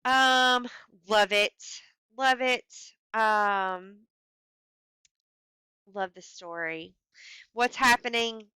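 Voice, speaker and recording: Bright, crisp woman teaching literature. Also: a little high, drawn-out words, long pauses, dry recording. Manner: reads quoted passages aloud with rising animation, then explains casually with fillers. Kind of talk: lecture screencast reading aloud from a story.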